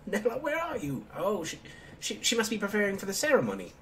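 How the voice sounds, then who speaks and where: A man reading along in a raised, shrill voice as an indignant boy king. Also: huge pitch swings, fast, a little hiss or hum.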